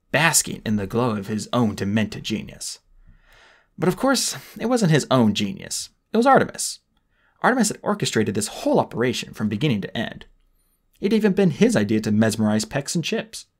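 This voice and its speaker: A man narrates a novel for a homemade audiobook, reading with dramatic expression. His pitch moves a lot, and his voice carries a slightly husky grain. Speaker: audiobook reader.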